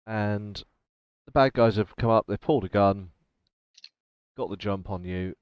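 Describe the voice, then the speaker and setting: Low-voiced man running a tabletop game. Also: measured pace, clean tone, no echo, highs cut off. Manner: laughs often, thinks aloud with ums while checking rules. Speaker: game master.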